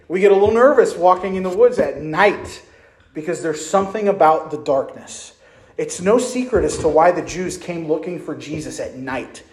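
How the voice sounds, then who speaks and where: A man's voice: sits high, echoey room, poor audio. A young adult man preaching a sermon as pastor, conversational and asking his listeners questions. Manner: conversational, asks the congregation questions.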